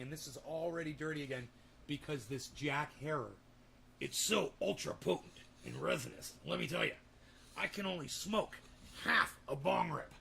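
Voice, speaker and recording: A man with a somewhat high, bright voice and a gravelly edge rambles through casual livestream talk. He is laid-back, and his speech is peppered with offhand swearing. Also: a little hiss or hum. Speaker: livestream host.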